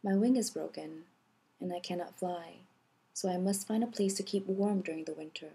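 A woman's voice: lowish voice, normal speed, vocal fry, warm tone, breathy edge, full character voice. A woman voicing a small, polite bird with a broken wing, pleading for shelter in a storybook.

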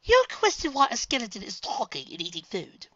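A woman voicing a nervous, prim female pony in a fan audiobook reading, high-strung and fussy. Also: huge pitch swings, fairly quick, fairly bright tone, no echo, muffled recording, heavily acted. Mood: fretful.

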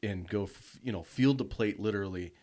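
A man's voice: lowish voice, fairly quick, darkish tone. A man hosting a podcast, breaking in with short reactions and follow-up questions in casual chat. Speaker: podcast host.

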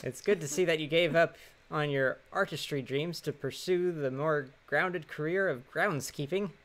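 A man's voice: on the high side, normal speed, fairly bright tone. A man cracking wry jokes while co-playing a game on a stream. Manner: joking, wry quips with laughs. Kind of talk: casual game stream chat.

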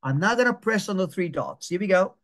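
A man giving a patient, step-by-step digital skills lesson over a video call, repeating steps slowly and checking that people can follow. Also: high voice, expressive, a bit bright.

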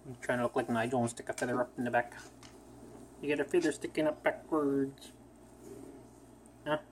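A woman filming her pet bird at home on her phone, talking to it in baby talk that swings between low murmurs and high sing-song coos. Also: steady tone, moderate pace, slight background noise. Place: home, indoors. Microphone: phone camera held in one hand.

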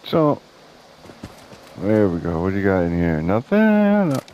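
A man's voice: deep voice, expressive, a little slow, muffled recording, a little hiss or hum. A young man casually commenting on his video game play, joking and swearing. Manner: joking, sarcastic, swears often. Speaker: gameplay streamer.

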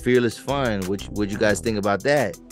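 A man's voice: fairly low pitch, moderate pace, soft background music. A man hosting a podcast in casual solo commentary, emphatic and choppy, often repeating words as he gets worked up. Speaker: podcast host.

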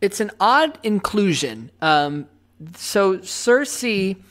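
Fields: Sex: woman. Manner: slow, chatty. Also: medium pitch, sing-song. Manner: chatty, slow, laughs often. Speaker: podcast host. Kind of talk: casual chat.

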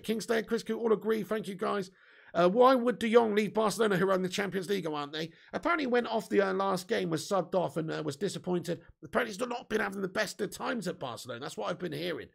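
A man's voice: high-pitched, gravelly. A young man hosting a football fan live stream, chatty and casually swearing while reading out viewer comments. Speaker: football fan channel host.

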